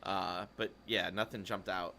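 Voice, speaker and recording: A man's voice: deep voice, fairly even intonation, unhurried, sharp tone, a little hiss or hum. A man hosting a casual esports podcast, rambling and cutting himself off as he chats. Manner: rambling, self-interrupting, chatty. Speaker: podcast host.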